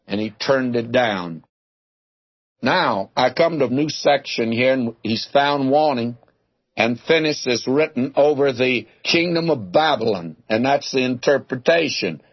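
A man's voice: mid-range voice, husky, no echo. A man preaching a sermon, teaching through a scripture passage in a folksy, conversational way and calling his listeners "my friend". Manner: folksy, addresses listeners as "my friend", tells homely jokes. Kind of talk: expository sermon. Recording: dull lo-fi recording.

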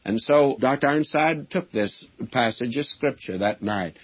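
A man's voice: medium pitch, normal speed, husky. An older man preaching an earnest, folksy sermon to his listeners, calling them friends. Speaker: radio Bible teacher. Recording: dull lo-fi old radio recording.

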